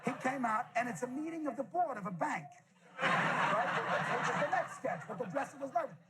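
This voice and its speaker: A male comedian telling an animated anecdote to a live audience on a televised stage, repeating phrases for emphasis. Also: very high voice, a little fast, very noisy.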